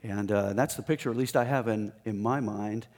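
A man giving a conversational sermon on a Bible passage, acting out the characters with sudden jumps in pitch and volume. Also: normal speed, darkish tone. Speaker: preacher. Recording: echoey hall with long reverb.

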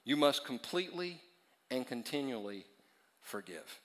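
A male pastor preaching in a church auditorium, with a fairly high, bright, forceful voice. He drives points home by repeating them and drops to a near-hush before building back up. A long hall reverb trails every phrase. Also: animated, normal speed, pauses often. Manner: emphatic repetition, swings between loud and hushed. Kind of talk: sermon.

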